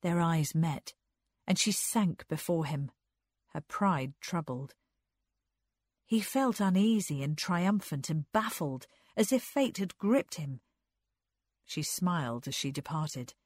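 A woman narrating a novel in a measured, even reading. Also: low voice, no echo, studio quality. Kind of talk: scripted narration, audiobook.

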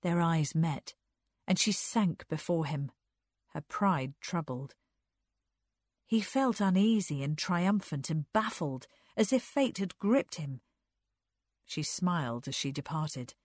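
A woman narrating a literary story in a measured storytelling manner. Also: low voice, lively intonation, a little mellow, no room sound, studio quality. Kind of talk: audiobook narration.

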